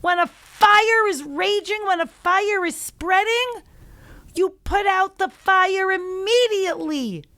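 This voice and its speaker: A woman's voice: high-pitched, sing-song, unhurried, fairly bright tone, dry recording, exaggerated voice. A woman playing an indignant male governor. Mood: outraged. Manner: exasperated, lecturing.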